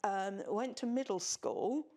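An older woman from Jamaica, recalling her school days in a documentary interview with lively, amused telling and quoted dialogue. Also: mid-range voice, takes it slowly.

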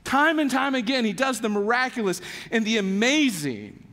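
In a church sanctuary with a big-room sound, a pastor with a very high-pitched voice preaches at a moderate pace. His stories are casual and animated, with the people in them acted out in voiced quotes and many "like" fillers.

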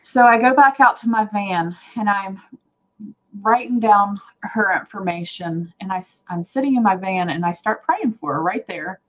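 Brief: woman guest, mid-pitch, earnest testimony storyteller, animated, quick laughs, video call. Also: low-quality recording. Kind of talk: casual faith talk, storytelling.

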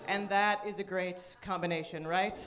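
A woman from Canada performing a stand-up comedy set on a club stage, dry and deadpan, with sudden high-pitched bursts. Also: moderate pace, noisy background. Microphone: handheld stage mic. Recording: live club recording with audience laughter. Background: audience laughter.

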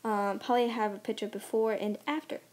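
A woman hosting a gameplay channel, chatting and rambling as she builds, her voice soft and worn from recording. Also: medium pitch, level tone, brisk, noisy background. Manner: chatty, rambling, thinking aloud while building. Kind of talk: casual gameplay commentary.

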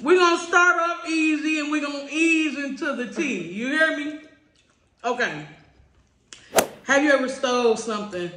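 A woman's voice: sits high, normal speed, long pauses, sharp tone, roomy sound, slight background noise. A young woman hosting a casual eating chat, slangy and playful, talking between bites. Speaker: channel host.

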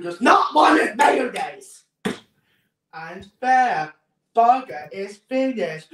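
A woman streaming and chatting casually, breaking into excitable, hysterical shouting. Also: medium pitch, takes it slowly, recorded from a distance. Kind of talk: casual live-stream commentary. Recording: roomy echo, faint noise.

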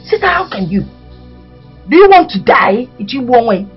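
An actress with a Nigerian accent playing a middle-aged mother who scolds her daughter loudly. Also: sing-song, moderate pace, slightly rough, lo-fi sound, soft background music, full character voice. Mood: shocked. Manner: shrill, scolding, rising to shouts.

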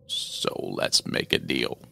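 A man voicing a tall horned male shadow demon, speaking in a slow, growling, half-whispered menace for a horror audio drama. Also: pushed and bright, a little hiss or hum. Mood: gleeful.

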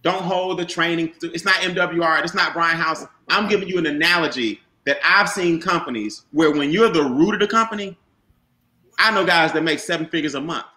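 A man giving an animated, repetitive motivational sales talk about a home business, calling on listeners by name. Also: on the high side, a little fast, echoey room. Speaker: business opportunity presenter.

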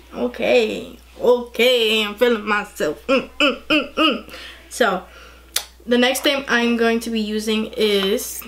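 A young woman chatting excitedly through a casual makeup tutorial, gushing over the products. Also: medium pitch. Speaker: beauty vlogger.

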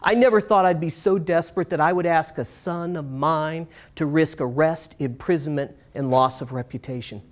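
A man quoting his elderly, proper mother in a quiet, earnest voice, remorseful and apologetic. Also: on the high side, moderate pace, hardly any pauses, natural voice.

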